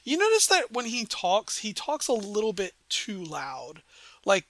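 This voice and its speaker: A man's voice: sits high, wildly swooping pitch, measured pace, a bit bright, no echo. A man narrating as game master of a tabletop game, rambling with many fillers. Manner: rambling, lots of ums and likes.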